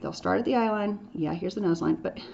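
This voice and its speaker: Speaking fast in a darkish voice on the low side with vocal fry, a woman teaches a drawing lesson. She's playful and chatty as an art teacher, whispering asides during her demonstrations. The recording is lo-fi and dull, carrying faint noise.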